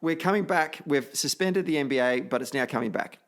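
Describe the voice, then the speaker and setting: A man's voice: a little high, a little fast, a bit bright. An Australian man hosting a casual podcast, chatty and self-deprecating, telling stories with animation. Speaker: podcast host.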